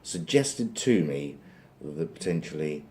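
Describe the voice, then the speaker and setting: A man's voice: a bass voice, animated, slow, a little mellow, slight background noise. A man telling a long joke in a rambling style full of digressions and dry asides. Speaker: joke teller. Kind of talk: rambling comic storytelling.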